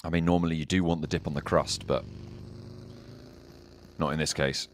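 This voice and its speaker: A man casting an esports match, calling the action in quick, bantering play-by-play. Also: very deep voice, fairly even intonation. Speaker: esports caster. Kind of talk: play-by-play commentary. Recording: faint game noise behind.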